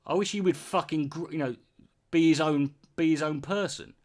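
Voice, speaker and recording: A man's voice: a little high, normal speed, darkish tone. A British man in his forties, ranting bluntly and sarcastically with heavy swearing while answering his chat. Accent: British English. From Britain.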